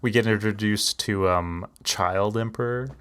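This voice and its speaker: A man with a very deep voice chatting as a podcast co-host. His talk is loose and rambling, full of fillers, and it often trails off into quiet. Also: measured pace, clear, resonant tone. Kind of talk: casual chat.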